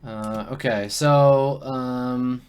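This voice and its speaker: A man running a tabletop game as game master, with casual, filler-heavy, animated narration. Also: mid-range voice, drawn-out words, smooth.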